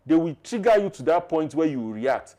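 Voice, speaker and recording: Animated man on a podcast. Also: on the high side, moderate pace. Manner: animated, emphatic, laughs often. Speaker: podcast co-host. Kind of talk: conversational podcast talk.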